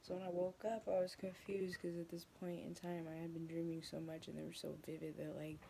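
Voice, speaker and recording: A woman's voice: fairly low pitch, completely flat delivery, fairly quick, vocal fry, warm tone, a little hiss or hum. A young woman chatting casually in her bedroom, telling a rambling story, swearing often and sometimes dropping into a whisper. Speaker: vlogger.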